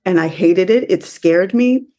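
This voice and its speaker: A woman from the US speaking as a podcast guest, emotional and halting, often restarting her sentences. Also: lowish voice, warm tone. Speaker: interview guest. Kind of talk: conversational interview.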